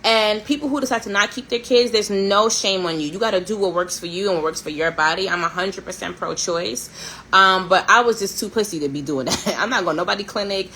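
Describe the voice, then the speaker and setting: A woman's voice: medium pitch, a little fast, slight background noise, poor audio. Candid sarcastic woman in her thirties. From Haitian family. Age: 30s. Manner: candid, sarcastic and animated, swears and laughs often. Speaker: host. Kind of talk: casual storytelling chat.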